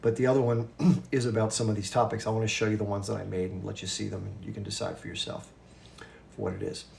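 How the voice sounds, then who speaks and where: A man in his fifties hosting a livestream and chatting casually with viewers, talking fast with restarts and quick asides. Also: lowish voice, level tone, gravelly, darkish tone, slight background noise. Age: 50s. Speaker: livestream host.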